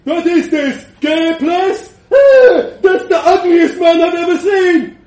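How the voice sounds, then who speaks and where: A man voicing a wild, excitable young Swedish man who shouts his demands. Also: takes it slowly. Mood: rowdy. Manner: shrill, yelling, excitable. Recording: roomy, from the mic.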